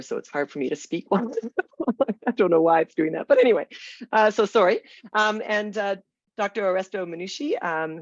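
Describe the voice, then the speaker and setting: A webinar moderator with a gravelly voice, irritated by smoky air, speaking in a halting, hedging way over a video call. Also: mid-range voice, no room sound. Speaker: panel moderator. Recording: dull, dry video call audio.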